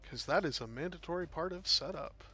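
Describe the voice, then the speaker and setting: A tired man commentating a tabletop game on his stream, talking in a relaxed, rambling way with frequent fillers. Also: on the high side, a little fast, husky, soft background music.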